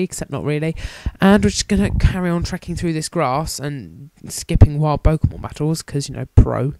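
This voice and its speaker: Jokey young gamer, dry sound. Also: male voice, on the high side, moderate pace, few pauses, darkish tone, no echo. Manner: jokey, self-mocking, rambling. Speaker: let's play commentator. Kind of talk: casual game commentary.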